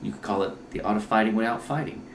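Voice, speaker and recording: Brief: unhurried martial arts master, lightly done by a man mid-anecdote, deep low voice, roomy sound. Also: a little hiss or hum, natural voice. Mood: calm. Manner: quoted in a storytelling aside, lightly imitated. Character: calm, unflappable male martial arts master.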